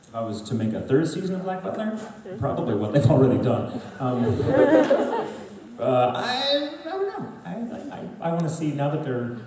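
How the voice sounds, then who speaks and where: A man who voices cartoon roles, telling animated, laughing stories at a fan Q&A panel in a big hall. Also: on the high side, moderate pace, a crowd in the background. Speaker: voice actor panel guest. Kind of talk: storytelling Q&A panel. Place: large convention panel hall. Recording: echoey hall, distant mic, heavy noise.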